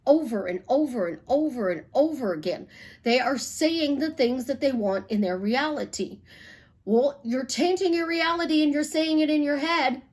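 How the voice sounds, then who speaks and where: A woman from Chicago, a life coach, telling stories bluntly in an animated, casual monologue with some swearing. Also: sits high, normal speed.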